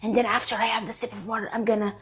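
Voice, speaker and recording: A woman mockingly voicing a self-serious male stalker in a low, hushed, mock-dramatic tone. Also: level tone, racing, breathy edge. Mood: mock-brooding.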